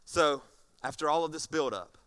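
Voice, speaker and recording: A man preaching a sermon as pastor, animated and often repeating words. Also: fairly high pitch, moderate pace.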